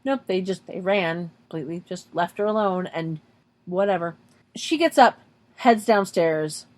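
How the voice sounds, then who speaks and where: A woman's voice: fairly low pitch, unhurried. A woman co-hosting a podcast, recapping an episode step by step in casual chat with dry asides. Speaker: podcast co-host.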